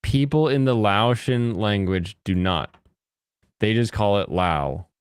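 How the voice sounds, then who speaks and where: American male streamer, casual and joking, smooth tone, dry sound. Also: takes it slowly, dry recording. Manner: joking, jumps into high mocking voices. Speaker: streamer reacting to chat. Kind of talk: casual live-stream chat.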